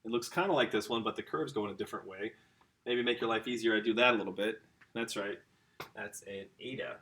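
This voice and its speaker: A low-voiced man moves at a quick pace through an informal home-school lesson, his tone a bit bright. He chats enthusiastically and addresses the children and parents directly, with a little hiss or hum in the background.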